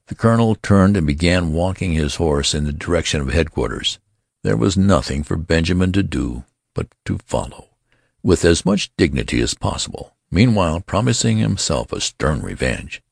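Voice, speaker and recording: Deep gravelly male storyteller. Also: normal speed, no echo, studio quality. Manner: expressive storytelling. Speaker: narrator. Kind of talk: scripted audiobook narration.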